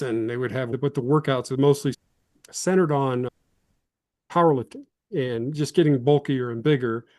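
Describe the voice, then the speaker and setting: A man's voice: mid-range voice, darkish tone, no room sound. A man in his fifties from Illinois, a former football lineman telling rambling, self-deprecating stories as an interview guest. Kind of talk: casual interview storytelling.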